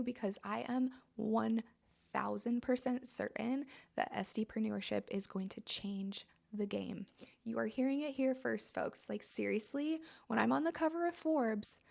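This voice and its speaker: Gravelly-voiced woman giving an upbeat pep talk. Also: on the high side, darkish tone. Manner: chatty, emphatic, heavy use of "like". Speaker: podcast host. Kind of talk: casual motivational monologue.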